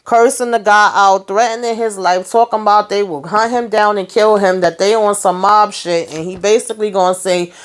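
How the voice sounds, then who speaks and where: With a steady tone, a mid-range voice, and hardly any pauses at normal speed, a young adult woman runs through a TV episode. Her review is casual and loose, full of slang and fillers, and she voices the characters' lines as she goes.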